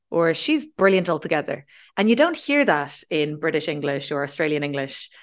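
An Irish woman with a somewhat low voice speaks with lively, explanatory energy. She teaches the language and peppers her talk with examples. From Ireland. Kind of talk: explaining in an interview.

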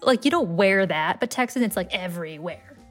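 A woman's voice: on the low side, lively intonation, normal speed, faint music behind. A woman from Massachusetts, a linguist, answering interview questions in a casual, chatty way. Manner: casual, chatty, with many fillers.

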